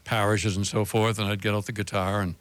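Agreeable priest, dry close sound. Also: male voice, lowish voice, flat delivery, a little fast, no echo. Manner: brief, agreeable replies. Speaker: priest and co-host. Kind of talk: casual chat.

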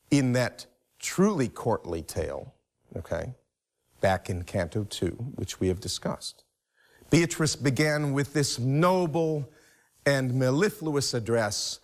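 A man giving a measured, emphatic lecture, closely reading a text and repeating key phrases for stress. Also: medium pitch, sing-song. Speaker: literature lecturer.

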